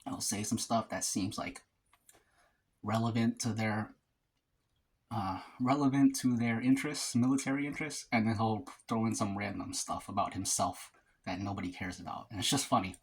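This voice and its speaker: Husky-voiced man chatting while eating. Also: fairly low pitch, fairly even intonation, moderate pace. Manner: talks between bites of food, loose and rambling; casual slang, frequent fillers and restarts. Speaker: mukbang vlogger. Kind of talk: casual storytelling while eating.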